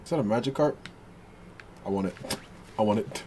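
A man giving excitable, slangy, joking commentary while playing a video game, swinging from low mutters to yells. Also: fairly quick, noisy background. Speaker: gaming streamer. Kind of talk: let's play commentary.

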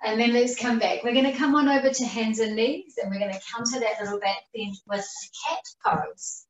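Calm yoga teacher woman in a roomy space. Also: fairly high pitch, highs cut off. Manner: slow, calm breathing cues with long pauses. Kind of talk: guided yoga class. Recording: roomy echo, voice far from the mic.

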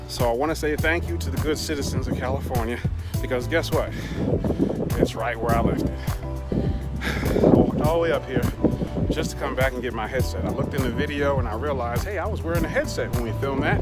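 A man's voice: medium pitch, moderate pace, long pauses. A man talking to his camera on a city street, out of breath and chatty, poking fun at himself. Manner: chatty, self-mocking. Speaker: vlogger. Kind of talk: on-location vlog talk. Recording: loud music over street sound.

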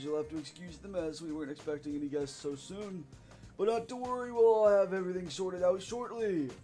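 A man's voice: high-pitched, warm tone, natural voice. A man doing a polite old wizard. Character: kindly old male wizard caretaker, polite.

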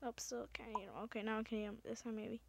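A woman giving excitable let's-play commentary, often exclaiming and swearing at the game. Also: fairly high pitch, fast, creaky. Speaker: gamer.

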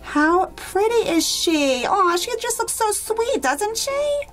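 Gushing high-voiced woman unboxing toys. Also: big pitch swings, slow pace, fairly bright tone, soft background music. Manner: gushing, enthusiastic, talks to viewers as guys. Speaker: toy unboxing channel host. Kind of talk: toy unboxing vlog.

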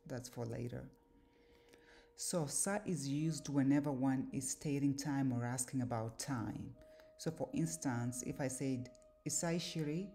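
Low-voiced woman teaching slowly. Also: dark tone. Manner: slow, deliberate, with filler pauses. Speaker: language and scripture teacher. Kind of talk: explanatory lesson.

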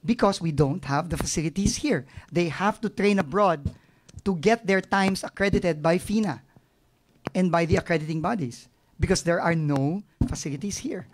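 Emotional Filipino man, high voice. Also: normal speed, background noise. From Philippines. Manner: emotional, frank, mixes in Tagalog phrases. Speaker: government agency head. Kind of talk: press briefing answers.

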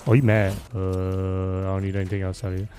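A man's voice: sits low, little pitch movement, fairly quick, warm tone, a little hiss or hum. A man streaming a game with casual commentary and playful trash talk aimed at other players.

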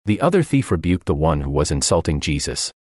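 A man's voice: extremely low pitch, big pitch swings, fairly quick, darkish tone, no room sound. A man voicing a translated radio sermon, preaching earnestly and emphatically with repeated phrases, close to the mic.

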